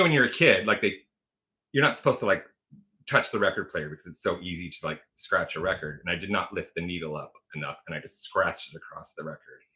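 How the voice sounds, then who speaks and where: Host type: man in his forties, low voice with a bright edge, chatty livestreamer who laughs a lot. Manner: chatty, gushing, laughs often, answers viewer comments. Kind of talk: casual livestream chat.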